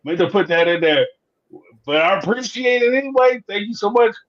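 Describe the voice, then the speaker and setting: A man's voice: high voice, fairly quick. A man hosting a casual live-stream chat about a reality TV show, telling stories with lots of acted-out dialogue and frequent laughs. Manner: animated storyteller, acts out dialogue, laughs often. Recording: slightly dull lo-fi sound.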